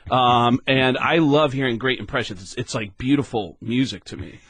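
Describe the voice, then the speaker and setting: A man who is a guest comedian in casual interview chat, telling stories in an animated way, recorded in a garage studio. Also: mid-range voice, normal speed, breathy edge, no echo. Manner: animated storyteller.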